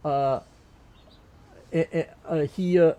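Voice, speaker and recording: Warm and fairly high-pitched, this older Turkish man takes his time with a fairly even intonation. In an interview, he spins out a long, wandering anecdote in his native Turkish, often restarting and laughing.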